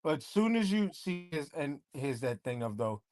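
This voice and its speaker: Man, podcast co-host, casual chat, jokey and profane, slightly high voice, dry close sound. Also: very animated, moderate pace, darkish tone, dry recording. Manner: joking, profane, boastful about his punchlines.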